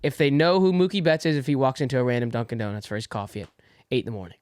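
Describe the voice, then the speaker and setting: A young man hosting a sports podcast. He talks in excitable, profane bursts and reacts quickly to his co-host. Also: mid-range voice, clean tone, no room sound, clean studio sound. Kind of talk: casual sports podcast chat.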